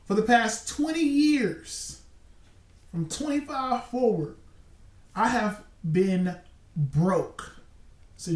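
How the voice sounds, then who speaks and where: A man's voice: sits high, animated, drawn-out words, long pauses. A man in his forties giving casual commentary and spinning a long hypothetical scenario, repeating points for emphasis. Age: 40s. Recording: roomy echo, distant mic.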